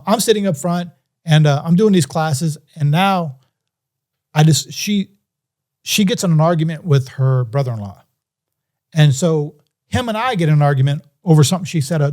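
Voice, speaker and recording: A man as a podcast guest, telling a story in a casual way and acting out the voices of people in it. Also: on the high side. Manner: animated, acts out quoted voices.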